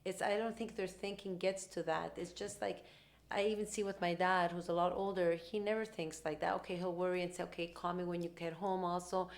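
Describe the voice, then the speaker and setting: A woman hosting a podcast, talking quickly and animatedly in casual conversational storytelling and acting out what other people said. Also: lowish voice. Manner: rapid, animated talk, acting out quoted dialogue. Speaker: podcast host; mother.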